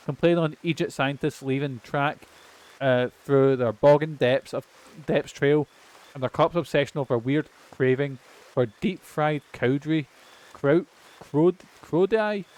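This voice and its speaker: Brief: Scottish male streamer, casual rambling chatter with the odd swear, slightly high voice. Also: darkish tone. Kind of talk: casual gameplay chat.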